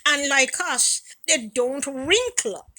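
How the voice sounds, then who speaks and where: A woman in her sixties speaking straight to her community, emphatic and profane, repeating her phrases and swinging between soft and loud. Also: sits high, animated, takes it slowly, rough recording. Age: 60s. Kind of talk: impassioned direct-to-camera talk.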